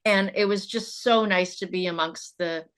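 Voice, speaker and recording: A woman filmmaker being interviewed in relaxed, chatty talk. She rambles, restarts her sentences often and gets animated as she goes. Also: mid-range voice, moderate pace, clean tone. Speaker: filmmaker guest. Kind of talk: casual interview chat.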